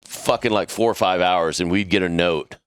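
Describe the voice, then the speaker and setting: A man telling a crude, animated story in a casual podcast chat. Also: deep voice, normal speed, clean tone, no room sound, studio quality. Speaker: podcast crew member.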